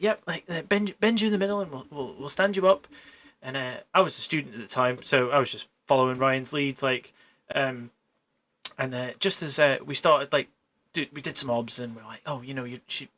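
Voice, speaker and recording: A man, a paramedic, telling work stories in casual chat, animated and laughing, with the odd swear word. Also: mid-range voice, a little fast. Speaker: paramedic guest.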